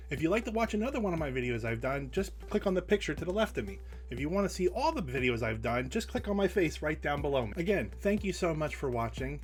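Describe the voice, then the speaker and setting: A man telling a retail work story in a casual rant, animated and full of restarts. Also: fairly high pitch. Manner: animated, acts out the people in his story; repeats and restarts words often. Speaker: storytelling vlogger.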